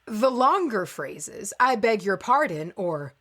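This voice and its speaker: A woman's voice: medium pitch, big pitch swings, slow pace, fairly bright tone. A woman co-hosting a casual podcast, reading a text aloud and breaking in with exasperated, sarcastic asides. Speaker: podcast co-host.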